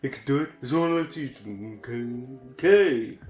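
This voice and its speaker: A man's voice: mid-range voice, lively intonation, moderate pace, a little mellow. A man chatting casually while a video game plays, throwing in short dry quips and the odd swear. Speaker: let's play co-host. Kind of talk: casual gameplay chat. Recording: roomy home recording with game music.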